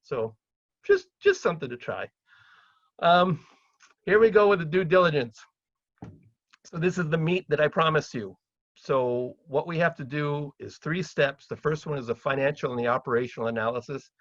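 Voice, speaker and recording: A middle-aged man from Canada talks through property investing at a seminar, slipping into brighter, higher voices when he acts out calls to sellers. His voice sits a little high for a man. The recording is dry and slightly dull. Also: normal speed, dry recording. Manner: chatty, anecdotal, acts out phone calls in a lively higher voice. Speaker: real estate investor speaking at a seminar. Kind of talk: seminar talk.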